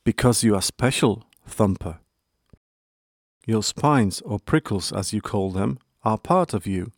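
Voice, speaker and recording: Man doing a hedgehog father, gentle, tender, calm, dry close sound. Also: lowish voice, measured pace, no echo. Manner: tender, soothing.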